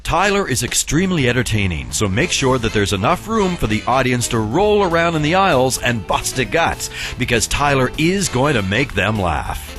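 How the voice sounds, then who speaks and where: Man, promo narrator with a lively, varied read over loud music. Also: mid-range voice, moderate pace, few pauses.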